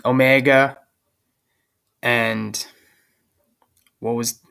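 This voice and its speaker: A young man hosting a casual podcast chat, talking in a hesitant, halting way with frequent restarts. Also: mid-range voice, level tone, vocal fry, fairly bright tone, clear, resonant tone. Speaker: host.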